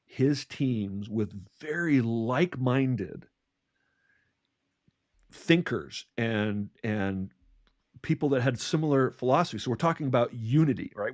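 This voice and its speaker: A man co-hosting a coaching podcast talks at an ordinary mid pitch and tells a long story. He trips over his words and repeats them as he goes. The sound is close and dry, with no room around it. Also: no room sound. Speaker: podcast co-host, leadership coach. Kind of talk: conversational podcast talk.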